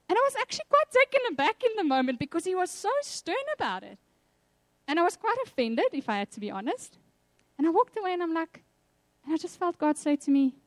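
A South African woman preaching a sermon, telling personal stories in a lively way and acting out the voices she quotes. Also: very high-pitched, fast talker, no echo.

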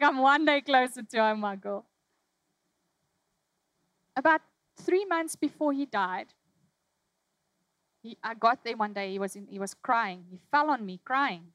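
A woman preaching a sermon, telling a personal story with emotion, dropping from loud, urgent lines to hushed ones. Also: a little high, unhurried, pauses often, no room sound, rough recording.

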